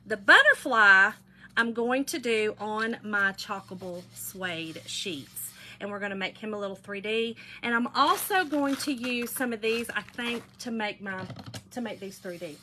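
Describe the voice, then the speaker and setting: A woman's voice: mid-range voice, animated, measured pace, sharp tone, a little hiss or hum. A woman hosting a craft livestream, chatting with viewers as she works, laughing often and calling them y'all. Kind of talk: chatty craft demonstration with storytelling.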